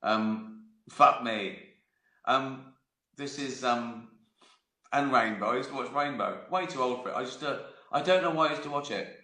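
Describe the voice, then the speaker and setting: A man's voice: mid-range voice, moderate pace, pauses often, bright, forceful tone. A man in his fifties hosting his own live stream, telling rambling anecdotes with frequent laughs and free swearing. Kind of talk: casual storytelling chat. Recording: roomy echo.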